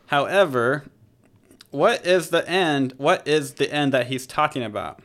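A man's voice: fairly high pitch, expressive, slow pace, fairly bright tone. A man hosting a podcast, discussing scripture in a conversational, joking way and correcting himself as he goes. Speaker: podcast host. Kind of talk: casual Bible discussion.

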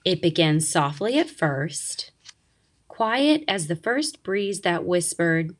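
A woman reading a picture book aloud, slow and expressive. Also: fairly low pitch. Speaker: narrator.

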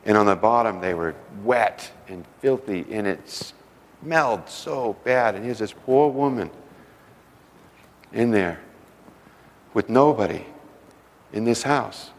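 A middle-aged man preaching a sermon with stories, shifting between loud emphasis and hushed, slowed phrases. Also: on the low side, lively intonation. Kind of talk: sermon storytelling. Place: church sanctuary. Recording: long reverb of a large hall.

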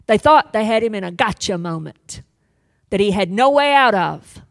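A woman preaching a sermon with passion, rising to loud pleas and dropping to hushed whispers as she retells a scripture story. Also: mid-range voice, fairly quick, creaky, no room sound.

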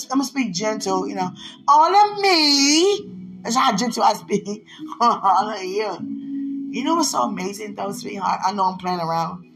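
A woman speaking in a casual, heartfelt monologue. She talks playfully and with affection, teases and laughs often, and swings between soft asides and loud bursts. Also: medium pitch, creaky, poor audio. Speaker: vlogger addressing a loved one.

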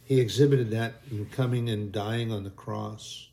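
A man's voice: on the low side, fairly even intonation, normal speed, vocal fry, warm tone. A man preaching a sermon in an impassioned, repetitive way, leading a spoken prayer.

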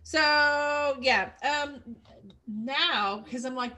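A woman's voice: high-pitched, drawn-out words, pushed and bright. A woman hosting a conversation, responding with enthusiasm to her guest. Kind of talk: conversational interview.

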